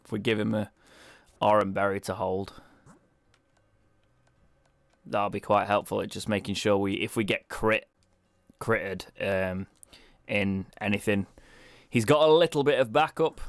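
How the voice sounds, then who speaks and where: A man's voice: on the low side, a little slow, pauses often, dry recording. Dry-humoured young British man. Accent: British English. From Britain. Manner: chatty, wry, self-mocking asides. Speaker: let's play streamer. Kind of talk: casual gameplay commentary.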